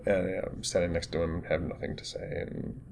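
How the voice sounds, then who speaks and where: Casting: male podcast host, quick rambling storyteller, low voice, faint room hum behind. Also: flat delivery, darkish tone. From Los Angeles area. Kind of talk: casual chat.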